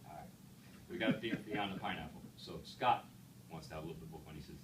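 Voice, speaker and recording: A man's voice: on the low side, huge pitch swings, normal speed, long pauses, bright, forceful tone. A man giving a humorous storytelling speech to an audience, chatty and checking in with his listeners. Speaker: Toastmasters speaker. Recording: echoey room, far mic, background noise.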